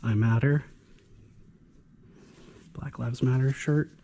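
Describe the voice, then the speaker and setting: A man's voice: medium pitch, steady tone, slow, dark tone, slight background noise. A man casually commenting as he sorts through a storage locker's contents, with offhand, dryly sarcastic remarks and a touch of hiccups. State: has the hiccups. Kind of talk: casual commentary while sorting items.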